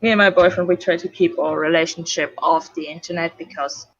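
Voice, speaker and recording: A woman's voice: lowish voice, fairly even intonation, fairly quick, no echo. A woman from Switzerland with a Swiss German accent, chatting casually and swearing freely on a late-night stream. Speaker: stream co-host. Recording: dull, lo-fi stream audio.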